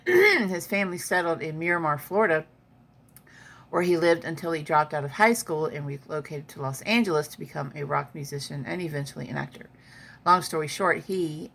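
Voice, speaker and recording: Low-voiced chatty woman vlogger. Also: creaky, a bit bright. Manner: chatty, reads an article aloud and comments on it. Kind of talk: casual chat. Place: at home.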